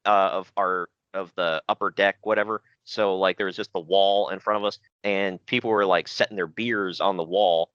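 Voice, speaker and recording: A podcast host with a deep, steady, clean voice speaks at normal speed with few pauses and no echo. In casual chat, he rambles through stories about friends, laughing often and doing impressions of them. The podcast audio is dry and muffled.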